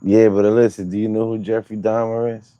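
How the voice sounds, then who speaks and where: A man's voice: on the low side, flat delivery, fairly quick, warm tone, clean tone, dry recording, highs cut off. A man hosting a casual livestream, teasing and joking with his viewers. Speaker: livestream host.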